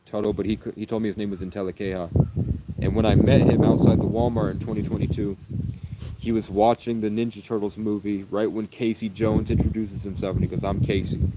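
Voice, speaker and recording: A man's voice: lowish voice, heavy background noise. A man livestreaming, telling long meandering stories in an earnest, rambling way. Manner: meandering, earnest, jumps between anecdotes. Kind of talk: rambling storytelling.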